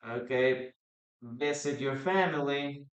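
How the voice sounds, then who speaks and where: Slow, patient male English teacher, roomy. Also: medium pitch, highs cut off. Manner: patient, repeats words, quizzes the chat. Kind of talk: live online English lesson. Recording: roomy echo.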